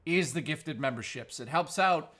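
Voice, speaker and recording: This livestream host has a fairly high-pitched male voice and talks at a moderate pace. Animated and playful, he keeps up crude, joking banter with his viewers as they chat casually.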